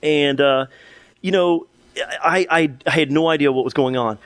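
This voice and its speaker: A man's voice: a little high, normal speed, fairly bright tone, no echo. A young man co-hosting a podcast, telling a long story in casual chat with many restarts and fillers. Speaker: podcast co-host.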